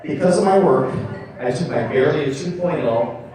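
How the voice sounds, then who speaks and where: A man's voice: on the high side, animated, normal speed, dark tone. A man giving an earnest motivational speech about his own life at a club meeting, acting out his younger self. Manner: earnest storytelling, acts out his own past voice. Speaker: guest speaker. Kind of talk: motivational personal story. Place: meeting room. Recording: very echoey room from a distant mic.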